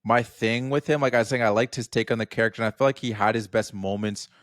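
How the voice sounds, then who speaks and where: A man co-hosting a podcast, chatting casually about a film in a rambling, animated way and acting out little quotes. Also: fairly low pitch, fast, no room sound, clean studio sound. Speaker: podcast co-host. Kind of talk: casual film review chat.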